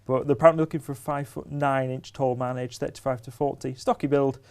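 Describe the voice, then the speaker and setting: A man co-presenting local news in a casual studio chat, pausing often with ums and restarts. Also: medium pitch, steady tone, darkish tone, smooth. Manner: hesitant, lots of ums and restarts.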